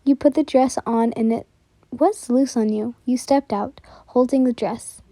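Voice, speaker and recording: A young woman telling a whispered role-play story softly, giggly and easily flustered, close to the mic. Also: on the high side, fairly even intonation, measured pace, no room sound.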